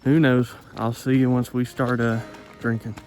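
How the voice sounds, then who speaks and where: A young man hosting his own vlog, chatting casually in a relaxed, rambling way and laughing often. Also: mid-range voice, normal speed, over music. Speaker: vlog host.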